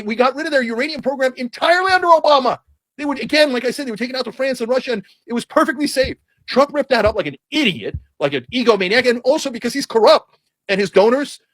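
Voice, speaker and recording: A man's voice: very high voice, no room sound. A man giving a heated, sarcastic, blunt political commentary rant.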